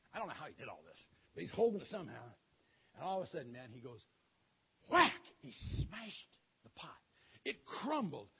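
A man's voice: a little high, vocal fry, slightly rough. A man giving a children's story sermon as a pastor, telling it animatedly and inviting kids to join in. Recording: dull lo-fi sound.

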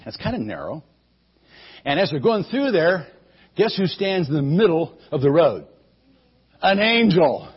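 A man's voice: fairly high pitch, very animated, unhurried, pauses often, husky, lo-fi sound. A man telling a Bible story to children in a playful way, asking the listeners questions. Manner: asks the audience questions, playful.

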